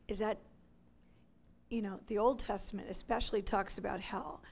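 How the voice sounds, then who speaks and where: A woman with a high, light, creaky voice, a ministry leader, pours out an emotional testimony to an audience. Highly animated, she swings from loud cries to near-whispers like a passionate preacher telling her story.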